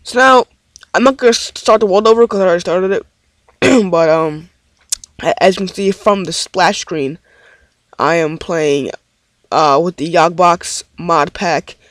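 A man's voice: sits high, measured pace, a bit bright, dry recording. A man giving rambling let's play commentary on his game, easily frustrated and swearing often. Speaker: gaming commentator.

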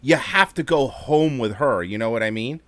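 A man's voice: medium pitch, normal speed. A man hosting a podcast, reacting to a clip with jokes and swearing. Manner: joking, swearing, animated interjections. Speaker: podcast host. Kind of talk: casual reaction chat.

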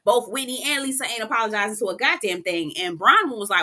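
A woman's voice: on the high side, lively intonation, fast talker, hardly any pauses, bright, forceful tone. A young woman giving a casual, profane, slangy recap of a reality show episode. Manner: sassy, profane, slangy storytelling. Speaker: TV recap reviewer.

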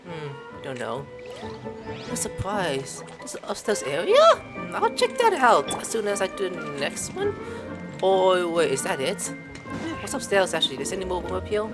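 A man's voice: high voice, huge pitch swings, moderate pace, a bit bright, soft background music. A man giving casual, playful gameplay commentary while chatting to the cats in the game. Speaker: gameplay video host.

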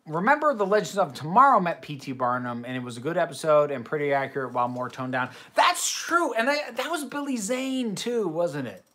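A man's voice: on the high side, pushed and bright. A young American man hosting a livestream Q&A from his bedroom, reading chat questions aloud and answering them in long tangents. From United States. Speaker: host.

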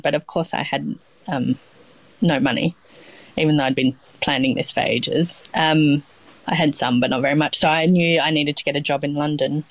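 A woman's voice: deep voice, no room sound, low-quality recording. A middle-aged Australian woman, a chef being interviewed, talking in a rambling, casual way with many ums and restarts. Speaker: chef, guest.

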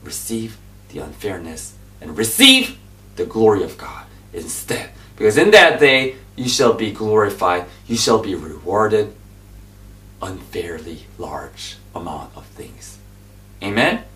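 A man preaching an informal sermon, repeating his points and exhorting his listeners, swinging between loud emphatic bursts and hushed whispers. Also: fairly low pitch, very animated, a little slow. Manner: repetitive, exhorting, drops into asides. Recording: echoey room, voice from a distance.

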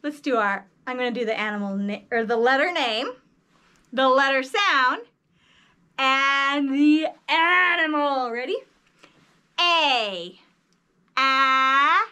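A woman's voice: high voice, slow pace, pauses often, bright, forceful tone. A woman teaching children a phonics lesson in an exaggerated, sing-song teacher voice. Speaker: early reading teacher.

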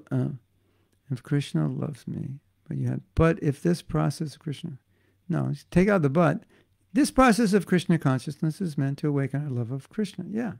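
A middle-aged man teaches a devotional class in a loose, joking, conversational manner. His voice sits a bit high for a man and carries a steady gravelly fry. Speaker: spiritual teacher.

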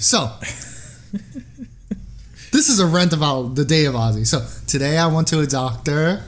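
A man's voice: fairly high pitch, unhurried, long pauses. A man co-hosting a casual podcast, joking and telling stories. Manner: joking, provocative, animated storyteller. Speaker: podcast co-host. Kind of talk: casual podcast chat, storytelling.

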